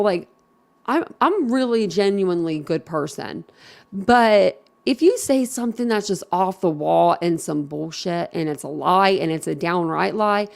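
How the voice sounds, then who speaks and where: A woman from Philadelphia hosts a live stream, talking to her viewers in a loose, rambling and outspoken way. Her voice sits at an ordinary middle pitch but carries a gravelly fry. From Philadelphia, USA. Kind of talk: casual live-stream chat.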